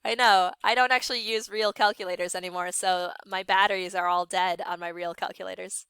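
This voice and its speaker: Woman teaching online, bright clear voice, encouraging, brisk, calls out names. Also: medium pitch, steady tone, no echo. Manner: upbeat, encouraging, brisk calling out of student names. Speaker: science teacher. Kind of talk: online class lesson.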